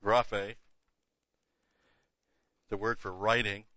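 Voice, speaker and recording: A man's voice: on the low side, flat delivery, drawn-out words, sharp tone, no room sound. An older man giving a Bible teaching lecture, emphatic, repeating key words and dropping casual asides. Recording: dull lo-fi dry recording.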